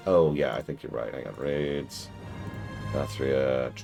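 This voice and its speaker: Deep-voiced rambling game streamer man. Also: slow pace, gravelly. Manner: rambling, self-correcting, excitable asides. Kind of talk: casual gaming stream commentary. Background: game music.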